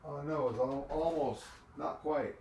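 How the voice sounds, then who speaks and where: Man, live-stream host, gravelly voice, rambling casual chat, laughs a lot. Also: fairly high pitch, measured pace, a little mellow, slight background noise. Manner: rambling, chatty, laughs often.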